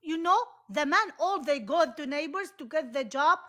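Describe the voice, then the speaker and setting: Loud, bright high-pitched woman arguing. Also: lively intonation, moderate pace. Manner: loud, heated, broken English, insistent "okay?". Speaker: guest caller on a livestream. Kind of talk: heated live debate.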